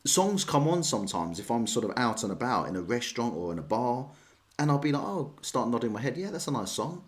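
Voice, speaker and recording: A man's voice: mid-range voice, sing-song, fast talker. An English man streaming chess, chatting casually and rambling as he answers viewers' questions. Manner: chatty, rambling, self-deprecating.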